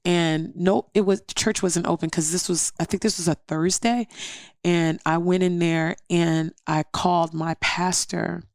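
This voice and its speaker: Gravelly low woman telling her story. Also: fairly even intonation, measured pace, darkish tone, no echo, studio quality. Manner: earnest, recounts events step by step and re-enacts what others said. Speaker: podcast guest. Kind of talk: personal storytelling in an interview.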